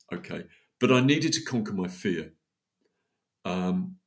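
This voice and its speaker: Animated man telling a story. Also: mid-range voice. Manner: animated, acts out quoted dialogue. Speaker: podcast guest. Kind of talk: storytelling in casual chat.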